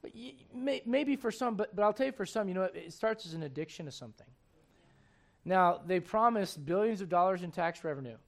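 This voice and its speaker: This male pastor has a high, animated voice with vocal fry and a brisk delivery. His sermon is emphatic and full of questions for the congregation, and he reads scripture in archaic language.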